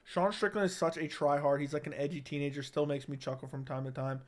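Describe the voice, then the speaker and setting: A man's voice: a little high, steady tone, fast talker. A man hosting a mixed martial arts livestream, ranting bluntly and heatedly in casual commentary, often repeating his points. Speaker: MMA commentary channel host. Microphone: studio broadcast mic.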